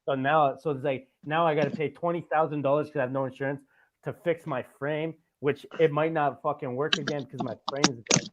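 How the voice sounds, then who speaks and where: With a fairly high-pitched voice and fairly even intonation, this podcast host from Canada talks fairly quickly, and background noise can be heard. On tinny, phone-like audio, he rambles through a long story in casual chat, swearing a lot and often adding "right?".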